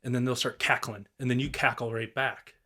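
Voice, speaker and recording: A man's voice: mid-range voice, fairly even intonation, a little fast, sharp tone. A young man on a podcast, casually telling turkey hunting stories in a rambling, laid-back way, swearing and mimicking the calls. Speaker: guest turkey hunter.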